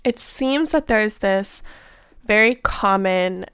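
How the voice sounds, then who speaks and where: A young woman hosting a self-development podcast, talking in a soft, meandering, casual way with a slightly stuffy voice from a recent illness. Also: medium pitch, slow, clear, resonant tone, no echo, studio quality. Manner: soft-spoken, meandering, with fillers. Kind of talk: casual reflective podcast talk.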